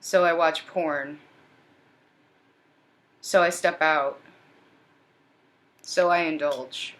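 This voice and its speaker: A desperate, anxious man keeps pleading for help, as a woman channels him in a tarot reading. The voice stays low and sinks toward a near whisper, repetitive and worn down. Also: steady tone, very slow, a bit bright, heavily acted. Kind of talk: channeled first-person voicing in a reading.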